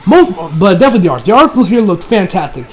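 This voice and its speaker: A man's voice: high voice, big pitch swings, fast talker, slight background noise. A young man casually reviewing an anime episode, rambling and swearing, with many restarts and fillers.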